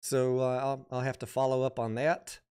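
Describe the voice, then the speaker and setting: A middle-aged man casually commenting on stocks during a livestream, thinking out loud and reading viewer comments aloud. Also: medium pitch, level tone, moderate pace, clean tone. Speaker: stock market livestream host.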